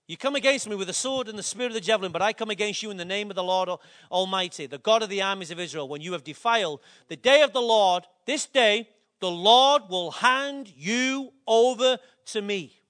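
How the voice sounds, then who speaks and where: Defiant young shepherd warrior, man, high voice, forceful, played by a preacher. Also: animated, brisk.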